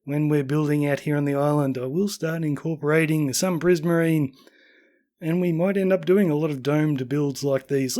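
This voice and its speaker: Aussie guy, kinda high voice, tired and going hoarse, chatty build tour. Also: darkish tone. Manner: chatty, upbeat, self-deprecating. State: tired, losing his voice. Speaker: game building channel host. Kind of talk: casual gameplay tour commentary.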